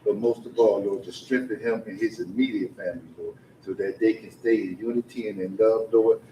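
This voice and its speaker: A man's voice: on the low side, steady tone, brisk, mellow. A man leading a fervent spoken prayer at a community forum, repeating "Lord" between phrases. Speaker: faith leader leading prayer. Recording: echoey room, far from mic, faint noise.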